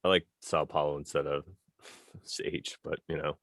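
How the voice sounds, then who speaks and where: A man's voice: rumbling low, level tone, unhurried, fairly bright tone, dry recording. A man co-hosting a podcast, dropping dry, crude one-liners in casual chat. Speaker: podcast co-host.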